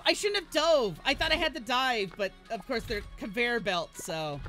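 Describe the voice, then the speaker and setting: Woman streamer, desk mic, lively up-and-down voice, curses at every fail, rambling chat with viewers. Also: on the high side, moderate pace, soft background music. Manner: swears and shrieks at failures. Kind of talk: live gameplay commentary.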